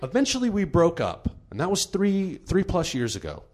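A man hosting a comedy podcast, telling a true story in an animated, laughing way. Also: high-pitched, normal speed, noisy background.

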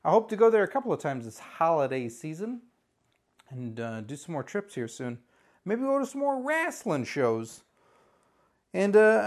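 A man in his thirties from Southern California talks through a casual solo podcast episode. His voice sits a little higher than most men's, and he rambles, pokes fun at himself and jumps into jokey voices. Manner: rambling, self-mocking, jokey, with animated put-on voices. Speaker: podcast host.

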